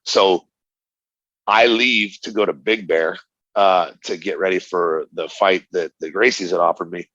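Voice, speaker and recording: In a relaxed interview, a former fighter in middle age shares stories with animation, playing out the dialogue and frequently laughing. He speaks in a low, steady, slightly bright voice at a bit slow pace; the recording has no echo but sounds dull.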